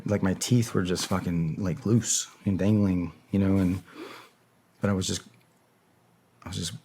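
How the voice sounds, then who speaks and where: A middle-aged American man in a casual interview, swearing often and filling his talk with "like," acting out the shouts he recounts. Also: sits low, a little hiss or hum. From United States. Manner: profane, heavy filler words, acts out yelled quotes. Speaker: podcast guest, former special operator.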